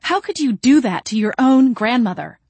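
A woman voicing a furious older sister who yells and sneers accusations in a storybook reading. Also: fairly high pitch, animated, normal speed, slightly rough, no room sound, voice pushed up. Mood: yelling. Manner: yelling, sneering.

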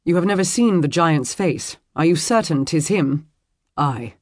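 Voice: mid-range voice, expressive, measured pace, dry recording, clean studio sound. A narrator voicing Dylan, a watchful knight who speaks curtly. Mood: terse.

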